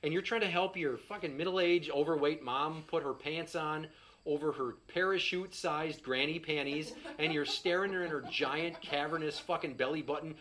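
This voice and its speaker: Bright-voiced profane male stand-up comic. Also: a little high, moderate pace. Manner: profane, exasperated storytelling with acted-out quotes. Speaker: stand-up comedian. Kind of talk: stand-up comedy set.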